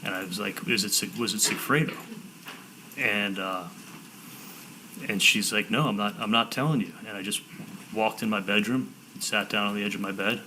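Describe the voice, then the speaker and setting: A man testifying as a defendant in a courtroom, telling his story in halting sentences with repeated words and "I'm like" quotes. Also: on the low side, pushed and bright, slight background noise, poor audio.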